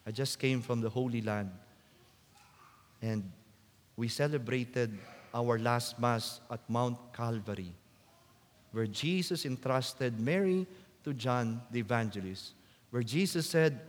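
Slow-preaching priest in a reverberant church. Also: male voice, medium pitch. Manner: slow and deliberate, rising to loud emphatic quotes. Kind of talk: sermon.

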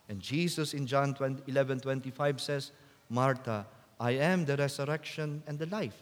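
A man preaching a sermon as a priest, slow and deliberate, rising to loud emphatic quotes. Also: mid-range voice. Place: church. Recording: long church reverb.

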